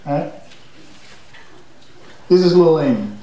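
Man speaking to a congregation, homey, rambling, very slow, heard from far away. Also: on the high side, expressive, mellow. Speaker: guest speaker. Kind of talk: casual talk to a congregation. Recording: very echoey hall from far off.

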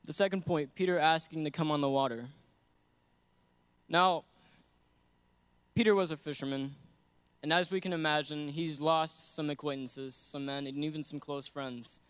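A man's voice: a little high, steady tone, moderate pace, fairly bright tone, smooth, no echo. A young man giving an earnest sermon that mixes scripture with a personal story, often laughing between points. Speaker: guest preacher.

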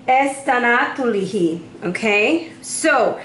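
A woman's voice: a little high, slow pace. Chatty tarot-reading woman, echoey room. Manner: chatty and lively, talks straight to the viewer. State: slightly out of breath. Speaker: tarot reader. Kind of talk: casual tarot reading to camera. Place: warm indoor room. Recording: roomy echo, faint background noise.

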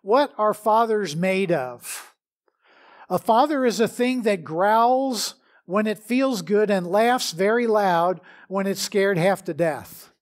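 High-voiced man preaching a sermon. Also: lively intonation. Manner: measured preaching with prayer and scripture reading. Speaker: pastor.

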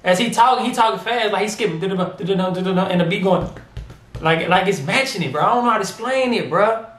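Man, high voice, rapid slangy reaction commentary, echoey room. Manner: animated, slangy, keeps addressing the rapper as bro and big homie. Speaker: music reaction video host.

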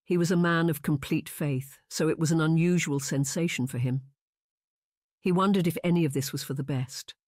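An audiobook narrator reading a historical romance in an even, unhurried way. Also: mid-range voice, no room sound, clean studio sound. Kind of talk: scripted narration.

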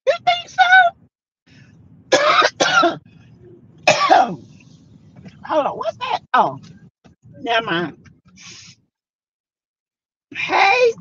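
Her voice is high and husky, and the audio is muffled. She's a sassy YouTube live streamer with a Southern American accent who reads viewers' comments, greets them by name, and laughs frequently.

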